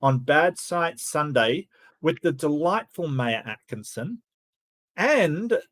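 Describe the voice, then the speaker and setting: A man's voice: fairly high pitch, expressive, slow, fairly bright tone. A man hosting a debate review, talking in casual, sarcastic commentary with laughing asides.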